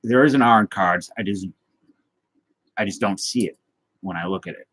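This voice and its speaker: A man with a fairly low voice hosts a casual livestream, answering his viewers' comments as they come in. He rambles and jokes at his own expense. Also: normal speed, a bit bright, breathy edge, no room sound. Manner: rambling, self-deprecating, joking with chat. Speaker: livestream host of a trading card and guitar show.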